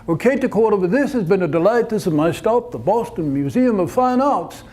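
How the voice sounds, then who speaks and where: A man's voice: sits high, animated, fairly quick, a little mellow, pitched above the performer's own voice. A man doing a witty older lady. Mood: amused.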